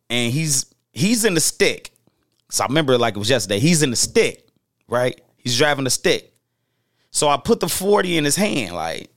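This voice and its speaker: A man telling stories from his past in a casual, slang-heavy way, animated and jumping into the voices of the people in them. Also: on the high side, no echo, clean studio sound. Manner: animated, acts out quoted voices, loose slang-heavy talk with restarts. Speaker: storyteller host. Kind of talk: casual street storytelling.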